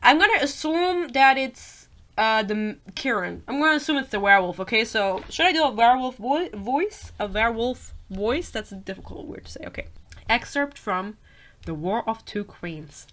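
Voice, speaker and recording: Bright, animated young woman ranting. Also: on the high side, normal speed. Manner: animated, swearing, laughing. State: sick, slightly hoarse. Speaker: book podcast host. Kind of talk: casual rant. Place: Germany.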